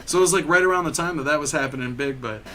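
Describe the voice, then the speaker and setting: A man's voice: a little high, racing, pushed and bright, slight background noise. A young man from Michigan hosting a podcast, telling stories in a rambling, casual way with lots of filler and swearing. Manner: rambling storyteller, heavy filler "like", frequent swearing. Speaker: podcast host. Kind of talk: casual chat.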